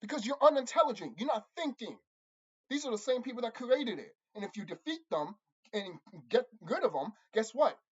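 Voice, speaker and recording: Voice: fairly quick, breathy edge. Angry profane ranter, lo-fi recording. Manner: angry, profane, repeats himself, insults listeners; lively swings in pitch and loudness. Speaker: channel host. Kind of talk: ranting monologue to viewers. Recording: dull lo-fi recording.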